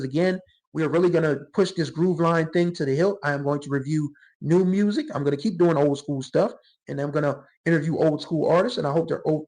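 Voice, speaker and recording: A middle-aged man with a scratchy throat hosting his own music channel, talking casually and reflectively about songs, now and then letting out a drawn-out "whew.". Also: on the high side, darkish tone. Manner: reflective, gets emotional, drawls exclamations like "whew". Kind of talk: casual solo music commentary.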